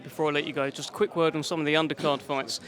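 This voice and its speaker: A man with a slightly higher voice puts brisk questions to a boxing promoter after a fight. He keeps it moving and steers each answer. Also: little pitch movement, a crowd in the background. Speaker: interviewer. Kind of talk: post-fight interview questions.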